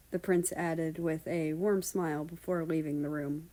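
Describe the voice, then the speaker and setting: A woman narrates a fan fiction story in an even, storytelling voice. Her pitch sits low for a woman and stays steady. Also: measured pace, few pauses, rough recording. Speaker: story reader. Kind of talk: reading fan fiction aloud.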